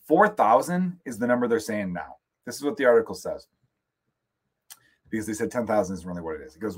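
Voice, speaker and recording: Close to a studio mic, this American podcast host delivers a loose, comedic solo rant in a mid-range, slightly rough voice. He sounds animated and brisk, cursing, cracking jokes and drifting into asides.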